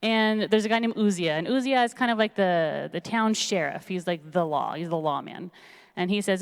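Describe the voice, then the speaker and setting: A woman rabbi retelling a story in a casual, lively sermon in a synagogue sanctuary. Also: fairly low pitch, normal speed, gravelly, clear, resonant tone. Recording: long reverb of a large hall.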